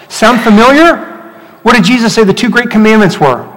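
Guy preaching a sermon, gets loud then goes hushed, long echo in the hall. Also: high voice, normal speed. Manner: animated, shifts between loud rhetorical questions and hushed emphasis. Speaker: pastor. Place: church hall.

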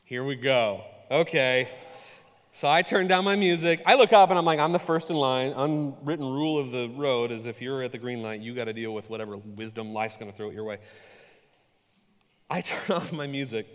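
A man preaching a sermon, telling stories with animated, self-mocking humor. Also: medium pitch, normal speed, big-room sound. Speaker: pastor.

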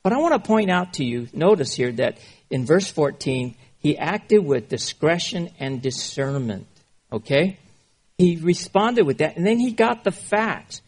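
Male preacher, gravelly and a bit husky, fairly high, chatty sermon delivery. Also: lively intonation, measured pace. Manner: informal, keeps checking in with the listeners. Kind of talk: conversational sermon on scripture.

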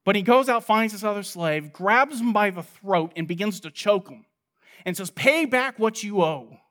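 A man with a fairly high voice preaches an expository sermon with emphatic, pointed delivery. He poses rhetorical questions and answers them himself. He swings from loud stress to hushed, low asides. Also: moderate pace.

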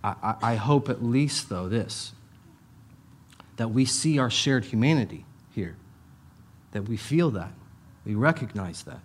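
A middle-aged man preaches in a relaxed, conversational way, with a voice of middling pitch. He drives points home by repeating short phrases and drops in offhand asides along the way. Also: measured pace, long pauses, husky. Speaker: pastor. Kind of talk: sermon.

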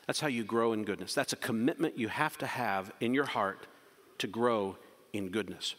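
A man preaching a sermon as pastor, impassioned, swinging between loud urgent questions and quiet emphasis. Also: lowish voice, moderate pace. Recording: hall reverb.

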